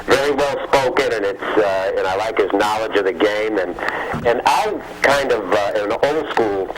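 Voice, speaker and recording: A man calling in to a radio talk show, asking his question politely and haltingly, with many uhs. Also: on the low side, a loud crowd, poor audio. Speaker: caller.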